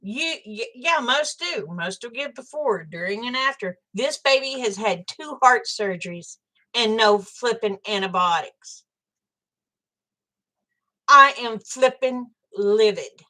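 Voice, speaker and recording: A woman's voice: a little high, expressive, measured pace, fairly bright tone. An older woman, chatting with viewers on a livestream, angry and blunt and swearing freely. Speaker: livestream host. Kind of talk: casual livestream chat with viewers.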